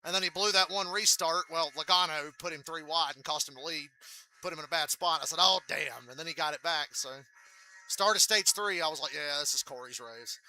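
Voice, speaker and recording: A man giving blunt, excitable live reaction commentary on a race, swearing freely. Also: on the high side, fairly quick, faint music behind, poor audio. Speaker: racing channel host.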